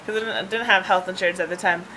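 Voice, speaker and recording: A woman's voice: on the low side, steady tone, rapid-fire, pushed and bright, a little hiss or hum, rough recording. A woman vlogger telling a personal story in a rambling, chatty way, laughing often and filling gaps with ums and restarts, recorded on a handheld device. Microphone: handheld device camera.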